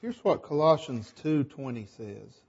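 A man's voice: mid-range voice, sing-song, unhurried, creaky, darkish tone, breathy edge, lo-fi sound. A man leading a group Bible discussion, thinking aloud and asking the group questions. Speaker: Bible study leader.

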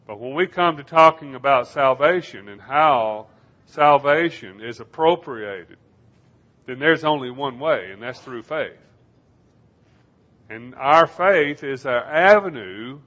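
A man preaching a sermon, slowing down to stress key phrases in a measured, emphatic delivery. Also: mid-range voice, bright, forceful tone. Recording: dull lo-fi sermon recording.

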